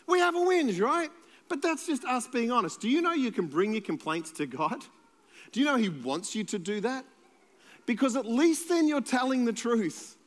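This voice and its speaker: High-voiced Australian pastor in a reverberant hall. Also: male voice, very animated, normal speed, a bit bright. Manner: conversational and playful, jokes with the congregation. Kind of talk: sermon.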